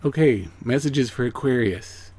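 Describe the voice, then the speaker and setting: A man's voice: mid-range voice, measured pace, slightly rough. A man giving a heartfelt spiritual reading to viewers, earnest and encouraging, who often checks in with "okay?". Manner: earnest, encouraging, drops to hushed near-whispers then rises to excited emphasis; repeats phrases and checks in with "okay?". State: emotional. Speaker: angel card reader.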